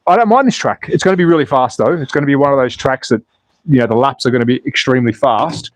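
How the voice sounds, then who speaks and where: A man's voice: mid-range voice, quick pace. A man chatting casually on a live stream while building a slot car track and reading the chat. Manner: chatty, self-deprecating, reads chat aloud while building. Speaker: slot car channel host. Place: indoors at home, building a track.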